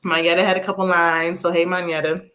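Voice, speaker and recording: A young woman, casually recapping a movie with laughs and quick asides. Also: on the low side. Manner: chatty, animated retelling with laughs and acted-out quotes. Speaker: movie review host.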